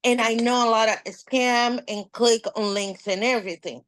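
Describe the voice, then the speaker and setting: A woman guest on a podcast, telling a story in a casual, animated way, with nonstandard English grammar. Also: fairly high pitch, moderate pace. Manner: animated, acts out quoted dialogue.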